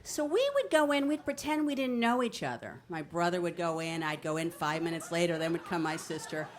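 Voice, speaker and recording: Her voice sits on the low side and moves a little fast. She's a New Jersey woman in her 50s at a city venue's storytelling stage, telling a true story into a microphone with brash, animated comic flair.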